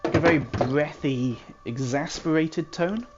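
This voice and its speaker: A man's voice: fairly high pitch, unhurried, highs cut off, a little hiss or hum. A man in casual game commentary, musing aloud and muttering to himself as he plays. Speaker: gamer.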